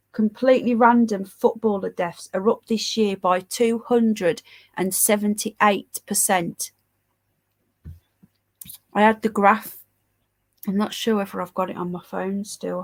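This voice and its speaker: A woman with a stuffy head cold hosting a livestream, reading headlines and chat aloud with sarcastic, scornful asides. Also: mid-range voice. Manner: sarcastic, scornful commentary, chatty asides to viewers. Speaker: livestream news host.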